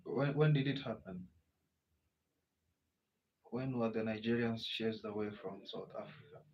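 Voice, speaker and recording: On a muffled lo-fi recording with a little background noise, a Kenyan livestream host talks in a fairly low voice at a measured pace. He speaks English with a Kenyan accent, picking up viewer comments in a casual live Q&A and answering them chattily.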